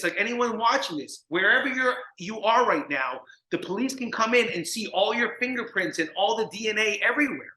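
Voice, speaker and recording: A man from New Jersey telling stories as a guest in an interview, acting out the people he quotes. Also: sits high. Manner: animated, acts out the people in his stories. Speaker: guest, recovery mentor. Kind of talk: storytelling in an interview. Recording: echoey room.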